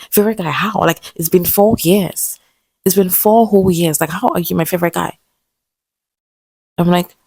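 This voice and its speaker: A woman's voice: on the low side, gravelly, darkish tone, no echo. A young woman telling a personal story in a chatty vlog, often repeating herself and checking in with "okay?". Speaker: vlogger. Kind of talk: casual storytelling to camera.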